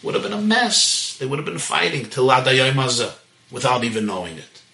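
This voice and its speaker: A man tells a story as a sermon, acting out each person in turn. His pitch swings widely and his tone is bright and forward. The room around him rings with echo. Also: brisk, creaky. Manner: animated storyteller, acts out voices.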